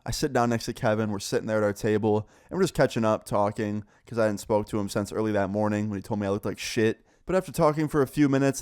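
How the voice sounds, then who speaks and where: A young man casually telling a school story, animated and swearing, acting out what others said. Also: lowish voice, smooth. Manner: animated, swearing, acts out quoted voices. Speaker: storyteller vlogger.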